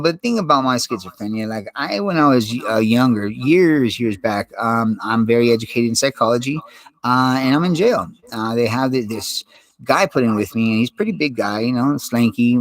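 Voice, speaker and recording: A young man with a medium-pitched voice records a casual vlog monologue on a desktop USB microphone at home, and the recording sounds rough. He rambles in a profane, streetwise way, calling the listener "dude."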